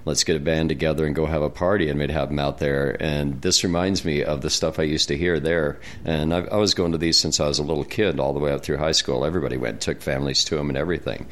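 A man's voice: very deep voice, fairly even intonation, fast talker, hardly any pauses. An older man from Wyoming hosting a casual studio chat, rambling and easygoing. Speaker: radio host.

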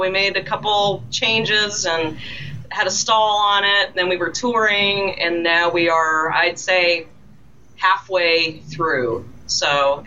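A woman's voice: fairly low pitch, pushed and bright, dull audio, slight background noise. A woman from Canada, a band member, chatting cheerfully in a casual interview.

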